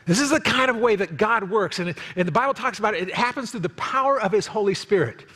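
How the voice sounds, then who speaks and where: Man, pastor, lively sermon, fairly high voice, long church reverb. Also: quick pace, slightly rough. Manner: animated, jokey, acts out quoted voices. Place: church sanctuary.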